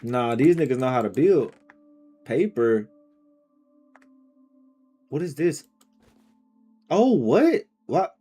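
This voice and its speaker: Excitable young-sounding man streaming a game. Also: medium pitch, slow pace, pauses often, breathy edge, soft background music. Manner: excitable, slangy, talks to himself and chat. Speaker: live-streamer playing a game. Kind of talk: casual live gameplay commentary.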